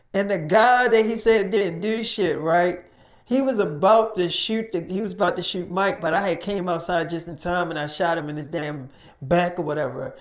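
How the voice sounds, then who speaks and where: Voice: medium pitch, echoey room. Rambling, casual game-story recap. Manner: rambling, with lots of "so he's like" quoting. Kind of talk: casual retelling of a role-play game.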